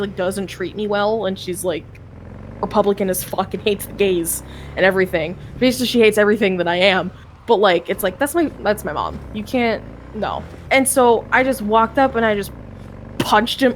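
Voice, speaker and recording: A woman's voice: mid-range voice, a little hiss or hum. Rambling, foul-mouthed young woman streamer. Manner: rambling, profane, with frequent restarts. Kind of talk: casual storytelling chat.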